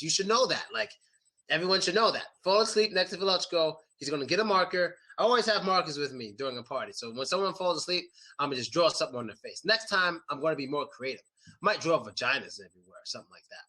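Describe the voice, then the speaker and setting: A man teaching English in a casual lesson, telling a story in an animated, profane way and repeating key words. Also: fairly high pitch. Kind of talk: casual vocabulary lesson told through a story.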